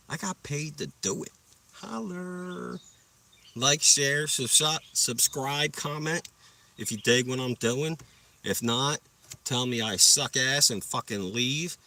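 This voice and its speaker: A man's voice: medium pitch, sharp tone. A young man chatting casually on a livestream, rambling through profane, hyped stories and asking viewers to like and subscribe. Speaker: livestream host. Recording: voice a bit far from the mic.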